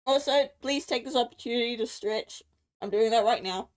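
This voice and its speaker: A woman's voice: a little high, moderate pace. A woman streaming live from home, chatting casually to her chat while she eats. She laughs often, swears now and then, and talks close to a desk mic. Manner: talking while eating.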